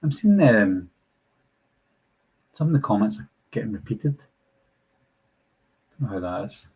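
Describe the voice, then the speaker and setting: A man's voice: on the low side, big pitch swings, a little slow, darkish tone, slightly rough, low-quality recording. A young man with a Glasgow accent, hosting a casual live Q&A and answering viewer comments in a chatty, apologetic way. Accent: Scottish, Glasgow. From Scotland. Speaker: channel host answering live chat.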